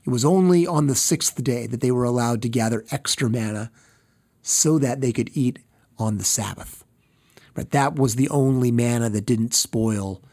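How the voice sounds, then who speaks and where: Slow talking pastor guy giving a sermon, kinda husky, drops quiet at the end of lines. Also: mid-range voice. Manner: slow, deliberate, repeats phrases for emphasis.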